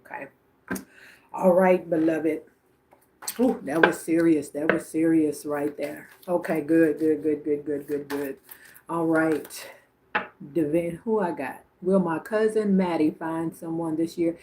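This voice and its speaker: A woman with a low voice talks through a psychic reading on a livestream. She chats casually and greets viewers by name, and there is a faint hiss in the background. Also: steady tone, a little slow, mellow. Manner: chatty, answering viewers by name.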